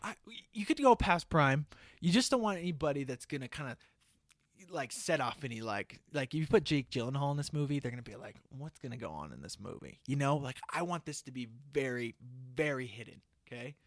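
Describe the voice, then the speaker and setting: Animated man pitching, dry close sound. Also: brisk, dry recording. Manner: animated storyteller, ends almost every phrase with "okay?". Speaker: podcast host pitching a movie idea. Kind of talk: casual comedic pitch.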